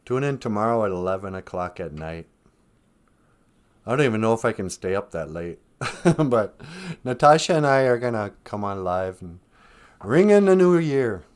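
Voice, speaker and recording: A man's voice: lowish voice, big pitch swings, moderate pace, pauses often, clean tone. A man hosting a live-stream podcast in casual, rambling chat, joking, laughing often and acting out quoted lines.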